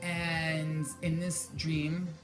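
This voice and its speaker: Low-voiced woman chatting spiritually, joking and cursing. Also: flat delivery, extremely slow, over music. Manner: chatty, joking, swears freely, acts out her own reactions. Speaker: spiritual motivation vlogger. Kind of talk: casual spiritual talk to camera.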